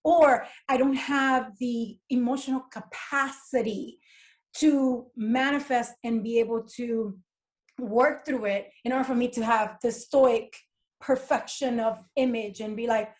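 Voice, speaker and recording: Candid middle-aged woman, slightly high voice. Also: fairly even intonation, measured pace. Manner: candid, emphatic, storytelling. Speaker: guest. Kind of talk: casual conversation.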